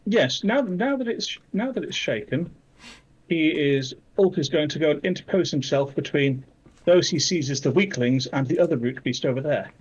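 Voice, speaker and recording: A man playing a tabletop game online, describing his character's actions in a measured way. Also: on the high side, lively intonation, husky, dull audio. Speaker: player.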